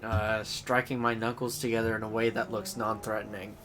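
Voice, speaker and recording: A man's voice: fairly low pitch, flat delivery, a little fast, a bit bright, slight background noise. A young man co-hosting a casual podcast chat, joking and swearing a lot. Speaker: podcast co-host.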